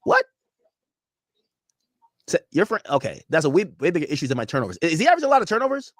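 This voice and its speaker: A young male streamer talks fast in a fairly high, very lively voice. He rambles and curses freely as he riffs to his chat. The sound is close and dry, with no room in it. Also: no echo. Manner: animated, profane, rambling banter with chat. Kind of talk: casual live-stream reaction.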